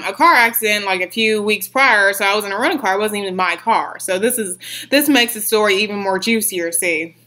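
A young woman telling a story on her vlog, rambling and swearing as she retells it in an animated way. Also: a little high. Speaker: vlogger.

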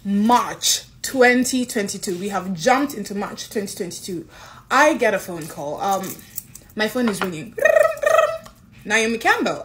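A young woman from Kenya, telling a personal story in a casual, excitable way and acting out what others said. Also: mid-range voice, a little slow. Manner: animated, excitable, acts out quotes.

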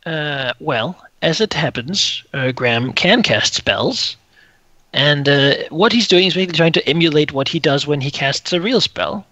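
A man's voice: fairly high pitch, lively intonation, normal speed, pushed and bright, no echo, muffled recording. A man playing a tabletop game online, talking casually and hesitantly with many fillers. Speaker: player.

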